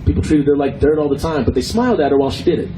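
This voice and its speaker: A man's voice: fairly high pitch, expressive, very fast, dark tone, poor audio. A man, a film actor, speaking at a protest with a conversational, pointed and sarcastic manner. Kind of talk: rally speech. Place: outdoor protest by a street. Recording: outdoor street with traffic noise.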